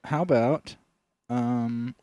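A young man co-hosting a comedy podcast, teasing and dropping deadpan jokes in casual chat. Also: mid-range voice, drawn-out words, dry recording. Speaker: podcast co-host. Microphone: studio podcast mic.

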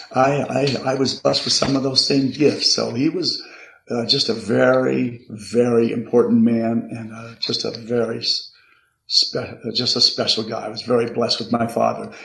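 Older male guest, gravelly voice, halting reflective delivery, echoey room. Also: mid-range voice, a bit bright. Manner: halting and reflective, often repeating words. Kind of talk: conversational interview. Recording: roomy echo.

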